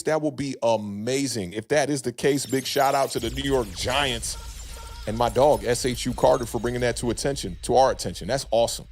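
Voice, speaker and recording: A young man with a mid-range voice hosts a relaxed live sports chat. He greets viewers by name and reads their comments aloud. His talk is loose and hedging, full of fillers. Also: medium pitch, a little fast, a little hiss or hum. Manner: laid-back, hedging, many fillers, greets chatters by name. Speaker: podcast host reading live chat. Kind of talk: casual livestream sports chat.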